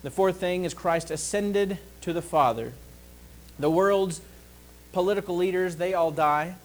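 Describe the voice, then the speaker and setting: A man preaching a sermon, slow and deliberate, pausing to ask the congregation for an amen. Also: sits high, poor audio.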